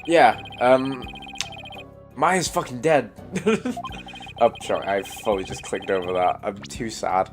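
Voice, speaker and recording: Over music, a stuffy-nosed man streams a let's play, groaning, swearing, and getting emotional as he reads the game's lines aloud. His voice is fairly low and he speaks slowly.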